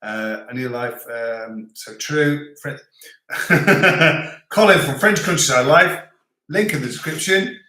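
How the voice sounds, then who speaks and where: A man's voice: fairly high pitch, slow, pushed and bright. A man hosting a casual live chat, reading out viewer comments in a joking, rambling way. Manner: chatty, rambling, joking, many restarts. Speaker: livestream host. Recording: echoey room.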